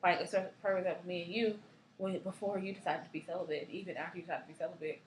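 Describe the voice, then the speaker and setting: Fast-talking woman in an echoey room. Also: fairly low pitch, fairly even intonation. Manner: quick, giggling interjections. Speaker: co-host, friend. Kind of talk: casual chat. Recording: echoey room with faint noise.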